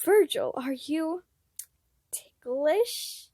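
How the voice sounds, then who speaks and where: A woman's voice: high voice, moderate pace, a little mellow, no echo, clean studio sound, close to an everyday voice. A woman voicing a dramatic, doting young prince with a theatrical, affectionate manner. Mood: teasing.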